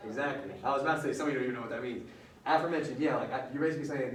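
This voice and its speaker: A man teaching a class in a conversational way, often pausing to ask his students questions. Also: mid-range voice, a little hiss or hum. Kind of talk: classroom lecture. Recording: roomy classroom audio from far off.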